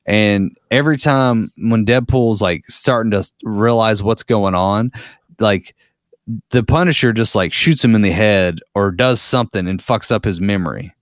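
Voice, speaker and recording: A man's voice: fairly low pitch, a little slow, no room sound, studio quality. A man in a casual podcast chat, a profane, rambling storyteller.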